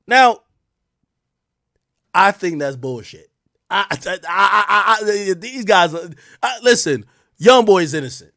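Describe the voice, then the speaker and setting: A man giving sarcastic live-stream commentary, mocking as he goes, jumping between loud outbursts and muttered asides. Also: high voice, animated, slow, gravelly, long pauses, no room sound, clean studio sound.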